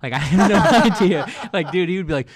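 A man's voice: high-pitched, animated. A young man co-hosting a casual podcast, recalling army basic training with lots of laughs and fillers. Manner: laughs a lot, drawn-out storytelling with many fillers. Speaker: podcast co-host, army veteran. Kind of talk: casual chat.

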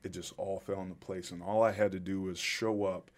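Middle-aged man, low voice, earnest and reflective guest storyteller. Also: level tone, brisk, slight background noise. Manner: reflective, earnest, emotional at times. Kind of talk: emotional personal storytelling.

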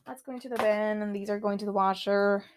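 A woman's voice: medium pitch, steady tone, a little fast, a little hiss or hum. A teenage girl hosting her own podcast from a small bedroom, chatting casually, swearing often and breaking into sudden exclamations of frustration. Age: teens. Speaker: podcast host. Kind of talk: casual solo podcast chat.

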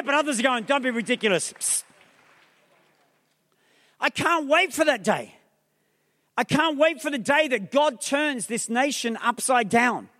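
A man with a strikingly high voice preaches a lively sermon as a pastor, firing questions and calls at the crowd and slipping in jokes. His voice rings out with the long reverb of a big theatre hall. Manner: humorous asides.

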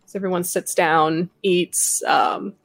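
A woman narrating as game master of a tabletop game, in a casual, halting way with many fillers. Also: fairly low pitch, fairly even intonation, creaky, no echo, soft background music.

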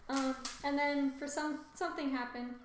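A woman co-hosting a podcast in casual chat, making dry, deadpan quips. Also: sits high, normal speed, roomy sound, slight background noise. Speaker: podcast co-host.

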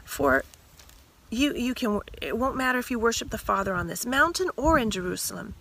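A woman voicing a calm, gentle male teacher figure in a retold story, speaking softly and earnestly. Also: fairly high pitch, moderate pace, creaky, a little hiss or hum, heavily acted.

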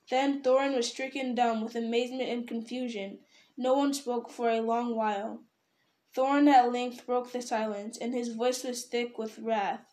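A woman narrating an audiobook in a steady, clear storytelling voice. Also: on the high side. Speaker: audiobook reader.

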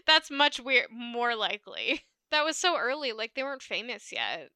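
A woman's voice: a little high, huge pitch swings, a little slow, bright, forceful tone, smooth, dry recording. A woman co-hosting a podcast in casual chat, emphatic and prone to repeating her phrases. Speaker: podcast co-host.

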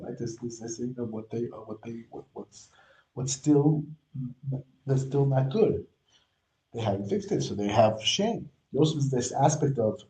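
A man's voice: mid-range voice, warm tone, reverberant, poor audio. A man teaching a religious text line by line. He explains in English, mixes in Hebrew terms and often restarts his sentences. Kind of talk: textual study lesson.

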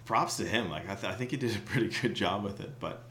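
A man co-hosting a casual chat, with a joking, halting manner. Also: on the low side, a bit bright, reverberant, a little hiss or hum. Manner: jokey, halting with restarts. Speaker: podcast co-host.

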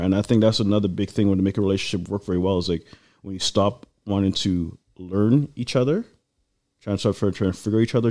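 A man in casual chat, telling a long personal story in a rambling, animated way with lots of fillers. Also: on the low side. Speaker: guest.

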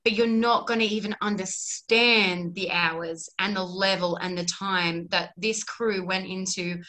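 A woman's voice: mid-range voice, fairly even intonation, measured pace, pushed and bright. A woman actor chatting on a podcast, enthusiastic and full of "like" and laughter, who says she practises an American accent. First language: not American, works on an American accent. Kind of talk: casual podcast chat.

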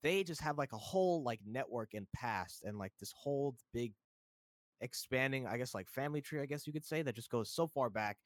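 Young guy rambling casually, lots of likes and you knows, middle pitch, dry close mic. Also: a little fast, no room sound. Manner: relaxed, rambling, many fillers. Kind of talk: casual chat.

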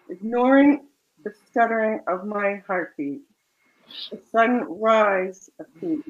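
A woman author reading her own romance fiction aloud in a soft, measured way, then chatting about the story. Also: mid-range voice, muffled recording.

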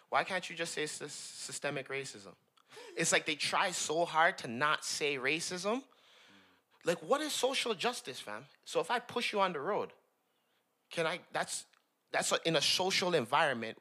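Guy co-hosting a sports pod, heated and emphatic, bright punchy voice. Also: fairly high pitch. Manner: heated and emphatic, says "fam" constantly. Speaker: podcast co-host. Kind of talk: casual sports chat.

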